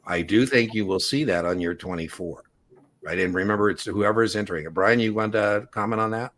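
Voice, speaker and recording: A man's voice: fairly low pitch, a little fast, a bit bright. A man teaching an exam prep class in a casual, explanatory way, walking students through examples and analogies. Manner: casual explanatory, uses analogies and acted quotes.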